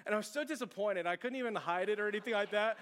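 A man's voice: high voice, very fast, a bit bright, a little hiss or hum. A middle-aged man preaching a chatty, self-deprecating sermon, telling a story and asking the audience questions. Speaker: pastor. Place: church sanctuary. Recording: long hall reverb.

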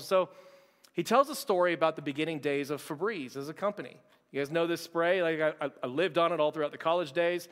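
A young man preaching a sermon as pastor, conversational and joking with quick asides. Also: on the high side, a bit bright, big-room sound. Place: church sanctuary.

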